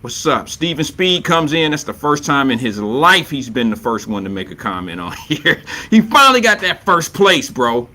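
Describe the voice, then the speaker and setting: A man's voice: medium pitch, lively intonation, moderate pace, few pauses, sharp tone. A man hosting a live stream talk show, chatting loosely with viewers and reading their comments, playful and prone to repeating his catchphrases.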